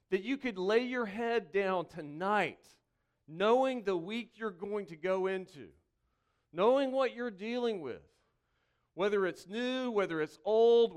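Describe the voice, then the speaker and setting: Smooth-voiced male pastor, lively then hushed. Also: high voice. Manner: swings from lively, joking asides to slow, hushed reflection; repeats key phrases slowly for emphasis. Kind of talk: conversational sermon.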